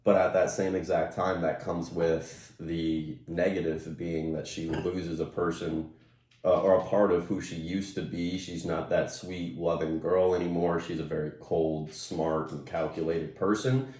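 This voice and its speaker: Deep-voiced man in casual chat. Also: a little slow, roomy sound, recorded from a distance. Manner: relaxed, conversational, with fillers. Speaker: interviewee. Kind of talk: casual conversation.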